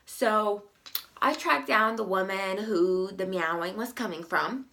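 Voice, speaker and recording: A young woman recounting work stories in a casual vlog, emphatic and often exasperated. She talks slowly, with a bright tone and plenty of gravelly fry. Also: mid-range voice. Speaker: vlogger.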